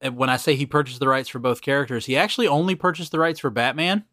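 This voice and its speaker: A man with a medium-pitched voice hosts a podcast at a quick pace, chatting in a relaxed way and walking through background facts. The recording is clean studio sound with no echo.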